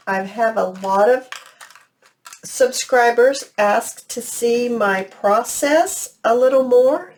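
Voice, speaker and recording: A woman hosting a crafting video, thinking aloud in a chatty, unhurried way. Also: medium pitch. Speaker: crafting channel host. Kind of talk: casual craft tutorial narration.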